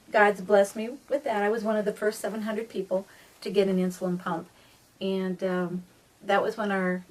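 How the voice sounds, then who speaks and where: A middle-aged woman talks straight to her viewers in a chatty, earnest monologue of personal stories. Her voice sits at an ordinary pitch and is picked up from a little way off the mic. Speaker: vlogger. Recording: voice a bit distant from the mic.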